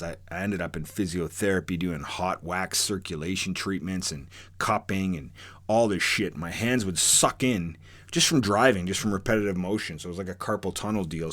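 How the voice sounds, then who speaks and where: A man telling a true story from his own life in a casual, rambling, profane way, full of fillers and restarts. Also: sits low.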